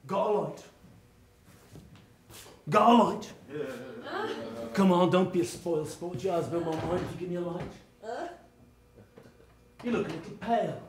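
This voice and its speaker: A man's voice: high voice, measured pace, long pauses, a crowd in the background. A man acting a menacing, insinuating stranger in a live stage play, performed on a small theater stage. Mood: taunting. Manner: taunting and insinuating. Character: menacing insinuating male stranger, a lover's act. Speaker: stage actor. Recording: echoey stage from far off.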